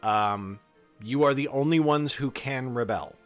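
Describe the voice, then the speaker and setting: A relaxed man hosting a live game stream, reading rules aloud and chatting with viewers in a mid-pitched voice. Quiet music plays faintly in the background. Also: unhurried. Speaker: streamer running a game for chat. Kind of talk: casual live-stream narration.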